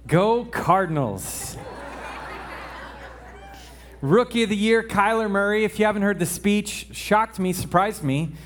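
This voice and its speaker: High-voiced chatty male preacher. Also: measured pace, long pauses. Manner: chatty, joking asides, frequent "okay?" check-ins. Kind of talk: casual sermon. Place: church.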